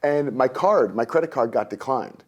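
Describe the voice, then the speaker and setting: A man in his thirties, a guest telling a story in an interview, lively and jokey, acting out his own past rants. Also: medium pitch, moderate pace.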